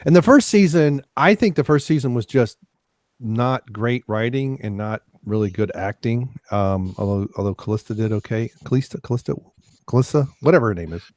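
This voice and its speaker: A man's voice: medium pitch, expressive, fairly quick, a little mellow, no echo, studio quality. A man hosting a casual podcast chat, rambling with lots of fillers and restarts. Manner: rambling, many fillers and restarts, laughs often. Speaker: podcast host.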